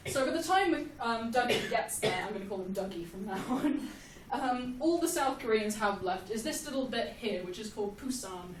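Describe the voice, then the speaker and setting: Animated young woman explaining history. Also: on the high side, normal speed, few pauses, distant mic. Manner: animated, joking, laughs often. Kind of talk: casual jokey history lesson. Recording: echoey room, off-mic, faint hiss.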